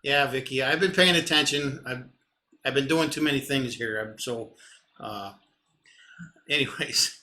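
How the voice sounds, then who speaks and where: A man's voice: mid-range voice, normal speed, long pauses, slight background noise. A man co-hosting a live stream of intuitive readings, speaking emphatically and repeating key words. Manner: repetitive and emphatic, swings from loud to muttered. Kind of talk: live psychic reading chat.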